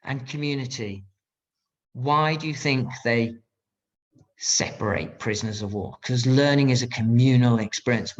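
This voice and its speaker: A British man in his fifties, a former pilot giving a motivational talk online, emphatic and telling his story with acted-out quotes. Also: mid-range voice. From Britain. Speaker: guest speaker, former pilot. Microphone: video call. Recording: dull lo-fi video-call audio.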